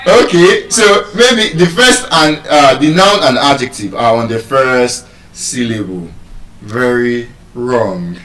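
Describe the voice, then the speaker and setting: A man's voice: a little high, expressive, measured pace, pushed and bright, roomy sound, distant mic, rough recording. Playful Nigerian man teaching pronunciation. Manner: playful, teasing, asks the audience questions. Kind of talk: live lesson to an audience.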